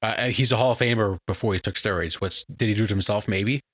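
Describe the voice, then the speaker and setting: A man's voice: on the low side, fast, fairly bright tone, no echo, clean studio sound. A man co-hosting a comedy podcast, easygoing and chatty as he leads the segments. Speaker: podcast co-host. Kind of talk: casual chat.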